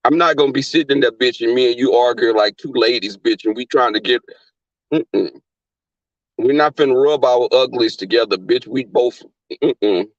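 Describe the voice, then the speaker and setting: A man's voice: mid-range voice, normal speed, no room sound, muffled recording. A man with a Southern US accent hosting a livestream, chatting with viewers in a brash, profane, camp manner. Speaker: livestream host. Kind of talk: casual chat with live viewers.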